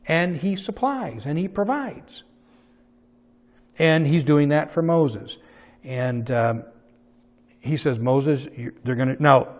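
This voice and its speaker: A man preaching a sermon, swinging from soft asides to loud, emphatic peaks as he retells a story. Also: medium pitch, animated, moderate pace, big-room sound. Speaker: pastor.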